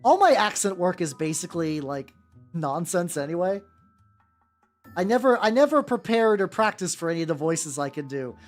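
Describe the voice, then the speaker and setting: A man's voice: sits high, expressive, normal speed, soft background music. A man chatting casually on a live stream while painting miniatures, rambling with many restarts, swearing now and then and greeting viewers as they arrive.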